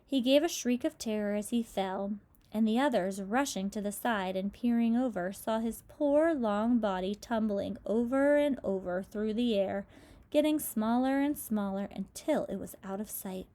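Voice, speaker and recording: A woman reads a children's storybook aloud at a middle pitch. She narrates the story plainly and brings its characters to life with lively voices. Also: normal speed. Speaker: storybook reader. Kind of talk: reading a children's book aloud.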